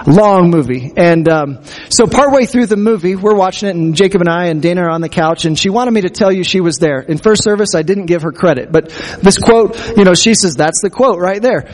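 A man's voice: high-pitched, a little mellow. A man preaching a sermon as pastor, earnest and conversational, speaking to his congregation. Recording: long hall reverb.

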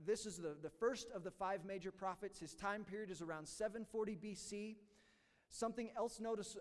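A man's voice: sits high, long reverb tail. A male pastor giving a sermon in a church, joking first and then teaching earnestly, often stumbling and repeating words. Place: church sanctuary.

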